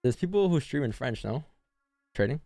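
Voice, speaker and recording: A man's voice: medium pitch, animated, normal speed, vocal fry, dark tone, no echo, clean studio sound. A man hosting a live trading stream, chatting casually with viewers and answering chat in loose, slangy talk. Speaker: forex day-trading streamer.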